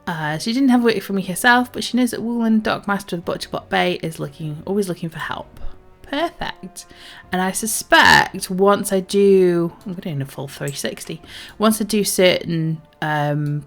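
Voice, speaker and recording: A woman streamer talking through her game casually, rambling and filling pauses with ums. Her voice sits low, and soft music plays faintly behind her. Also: vocal fry. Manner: chatty, rambling, many ums. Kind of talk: casual gameplay commentary.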